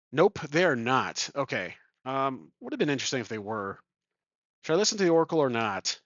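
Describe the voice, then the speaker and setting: A man's voice: on the high side, a bit bright, dry recording, dull audio. A man thinking aloud as he plays a solo tabletop game, chuckling and correcting himself as he goes. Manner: rambling, chuckling, self-correcting. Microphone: desk microphone.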